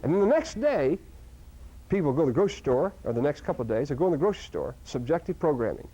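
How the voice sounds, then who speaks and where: Animated male seminar speaker, dull lo-fi sound. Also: on the high side, fast talker, slightly rough. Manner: animated, with sudden loud outbursts and many restarts. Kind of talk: live seminar talk to an audience. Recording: dull lo-fi recording.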